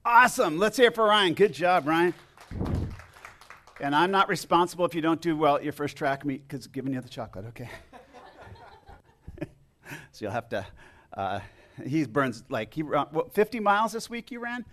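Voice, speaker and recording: A man's voice: a little high, animated, moderate pace, long pauses, a bit bright. A man preaching as pastor to his congregation, chatty and joking, with frequent restarts. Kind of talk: casual sermon with congregation. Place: church sanctuary.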